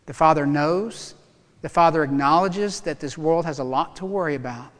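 Male pastor, high-pitched, lively sermon delivery with humor, recorded in a echoey sanctuary. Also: moderate pace. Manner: animated, emphatic preaching with humor.

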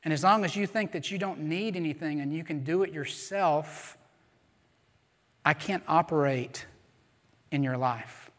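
A man's voice: fairly high pitch, unhurried, long pauses. A man preaching a sermon in a church, speaking earnestly and repeating phrases for emphasis. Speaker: pastor. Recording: long hall reverb.

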